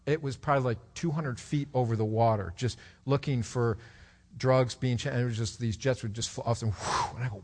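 A middle-aged man preaching a sermon, moving between loud emphatic exhortation and low, quick storytelling. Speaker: pastor.

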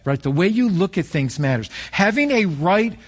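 A middle-aged man preaching a sermon as a pastor, conversational and storytelling, with animated peaks. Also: sits high, moderate pace.

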